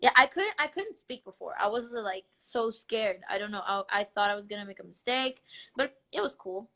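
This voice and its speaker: A young woman whose first language is Portuguese, hosting a live stream and chatting in a bubbly, excitable way. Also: mid-range voice, normal speed, vocal fry. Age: young adult. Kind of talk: casual live-stream chat.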